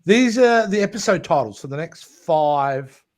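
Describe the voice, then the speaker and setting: A man's voice: fairly high pitch, expressive, normal speed. An Australian man co-hosting a casual fan chat, enthusiastic and leading the talk. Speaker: podcast co-host.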